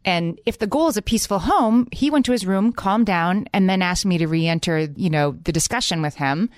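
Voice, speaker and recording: A woman's voice: mid-range voice, fairly quick, no room sound, studio quality. A woman in her forties co-hosting a casual parenting podcast, telling candid, self-deprecating stories about her kids. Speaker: podcast co-host.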